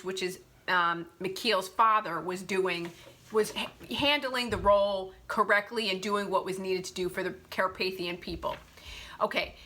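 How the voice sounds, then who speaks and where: A young adult woman giving a chatty, animated book review, with frequent fillers and self-corrections. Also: medium pitch.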